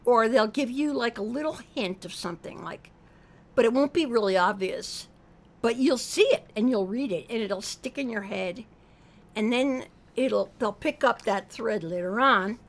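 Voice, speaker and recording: A woman's voice: on the high side, normal speed. A middle-aged woman co-hosting a casual music chat, talking in a thoughtful, musing way. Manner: musing, thoughtful, lively when excited. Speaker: co-host, mother. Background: song playing faintly.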